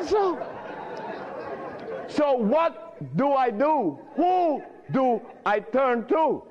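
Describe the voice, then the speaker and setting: A man's voice: very high-pitched, very animated, slow, long pauses, highs cut off, some chatter behind. A man giving an emphatic storytelling lecture, chuckling often and speaking with nonstandard grammar.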